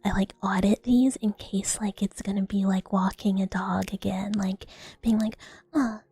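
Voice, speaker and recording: Breathy woman, teasing whispered role-play. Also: medium pitch, fairly even intonation, normal speed, warm tone. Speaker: ASMR streamer. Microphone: binaural 3Dio microphone.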